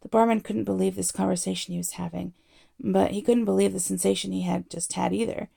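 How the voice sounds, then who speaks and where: A woman reading a novel aloud as narrator in a wry, measured storytelling manner. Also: medium pitch, fairly even intonation, gravelly, mellow, slightly rough.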